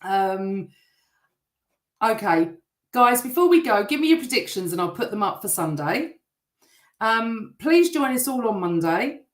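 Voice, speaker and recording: A middle-aged woman hosting a live football fan show, chatting and reading out viewer comments, her voice a bit rough. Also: mid-range voice, very animated, measured pace, pauses often. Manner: chatty, warm toward viewers, teasing. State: voice still rough from shouting. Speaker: host. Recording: echoey room.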